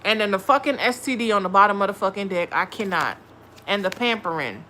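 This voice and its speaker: Bright, blunt, cursing tarot reader woman. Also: medium pitch, animated, fairly quick, slight background noise. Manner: blunt, profane, scolding. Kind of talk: live tarot reading stream.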